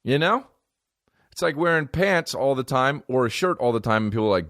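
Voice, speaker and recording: A man in his thirties hosting a podcast, riffing in a rambling, profane comedic monologue and mimicking people in high mocking voices. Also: expressive, fairly quick, fairly bright tone, no room sound, clean studio sound.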